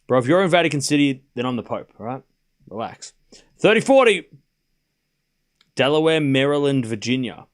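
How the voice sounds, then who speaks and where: A man's voice: mid-range voice, a little fast, smooth. A young man hosting a live tennis watchalong, calling points and chatting with his viewers. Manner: chatty, reads out viewer locations between play calls. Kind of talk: live stream commentary and chat.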